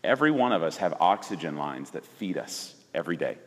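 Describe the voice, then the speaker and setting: This is a man in his forties, a pastor, sharing something from his own life in relaxed talk. He's emphatic and lively and keeps starting his sentences over. The pitch is low, the pace brisk, and a long reverb tail trails his words.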